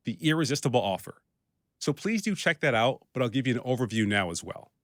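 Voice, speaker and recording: A middle-aged man hosting a business podcast, talking straight and practically with a dry joke here and there. His voice sits at an ordinary pitch for a man, recorded close on a mic with a dry, dead sound. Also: fairly bright tone, no room sound. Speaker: podcast host and business consultant. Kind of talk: scripted podcast monologue.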